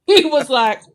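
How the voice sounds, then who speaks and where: A woman's voice: high voice, a bit bright. A woman co-hosting a podcast, talking in an opinionated, mocking way in casual chat. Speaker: podcast co-host.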